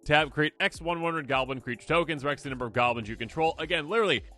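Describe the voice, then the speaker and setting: Host type, male, bright upbeat delivery, high-ish voice, music under him. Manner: excitable, acts out quick imagined opponent voices. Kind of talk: casual card game commentary.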